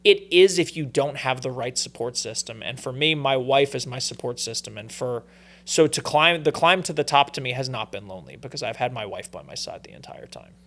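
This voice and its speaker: A man talks as a podcast guest in a mid-range voice, loose and unhurried. He tells stories with many fillers and restarts, easygoing and open. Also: medium pitch, animated, a bit bright. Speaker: guest, pro fighter. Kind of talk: casual podcast interview.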